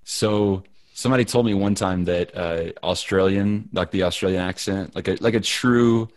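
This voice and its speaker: Low-voiced rambling man co-hosting a podcast. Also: moderate pace, no room sound, clean studio sound. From United States. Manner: rambling and excitable, many fillers. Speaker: podcast co-host. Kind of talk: casual podcast chat.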